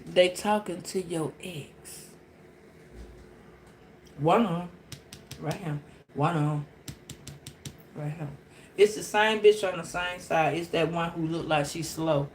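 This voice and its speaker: A woman giving a casual tarot reading, blunt and profane, animated and laughing often. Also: lowish voice, takes it slowly, pauses often, slight background noise. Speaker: tarot reader.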